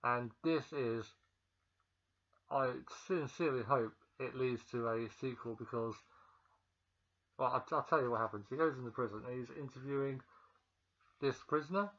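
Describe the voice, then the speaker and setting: A man's voice: mid-range voice, moderate pace, fairly bright tone, lo-fi sound. A man casually recapping a film's plot for his viewers, rambling and hesitant, with frequent ums and restarts. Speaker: film reviewer. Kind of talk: casual spoken film recap.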